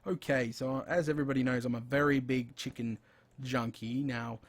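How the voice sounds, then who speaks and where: A man's voice: mid-range voice, fairly even intonation, moderate pace. An Australian man hosting a casual gaming live stream, chatty and rambling, with frequent exclamations as he plays. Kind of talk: casual live-stream chat while playing.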